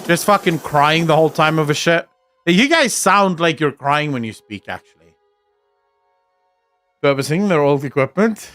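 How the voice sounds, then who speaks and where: A man's voice: a little high, expressive, normal speed, long pauses, fairly bright tone, faint music behind. A young man chatting casually on his stream, rambling and swearing freely. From South Africa. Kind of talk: casual chat reacting on stream.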